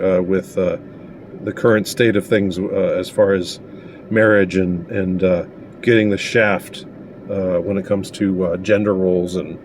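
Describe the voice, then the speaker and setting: Halting, indignant man ranting to camera. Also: low-pitched, a little mellow, a little hiss or hum. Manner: indignant and sarcastic, halting with many pauses. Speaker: commentator. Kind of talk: casual opinion monologue.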